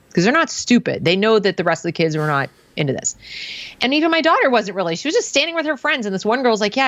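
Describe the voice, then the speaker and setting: Dry, dull-sounding woman telling a story. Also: dry recording. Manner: animated, acts out others' words with shifting pitch. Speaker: guest, parent and former teacher. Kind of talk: casual storytelling in conversation.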